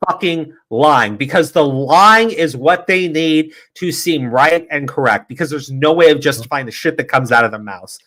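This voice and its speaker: Profane ranting man, high and bright. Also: normal speed, few pauses. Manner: ranting, profane, mocking, with sarcastic put-on quotes. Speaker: podcast host. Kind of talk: heated political commentary.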